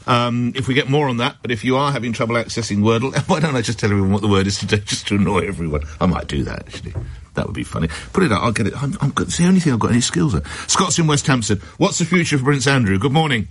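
A man's voice: medium pitch, lively intonation, rapid-fire, husky. A man hosting a radio phone-in show, reading news items and talking with callers, with chatty, wry asides.

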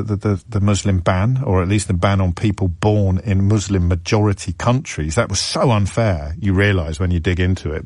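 A man's voice: lowish voice, darkish tone, dry recording, clean studio sound. A man hosting a radio phone-in, sarcastic and mocking in his commentary.

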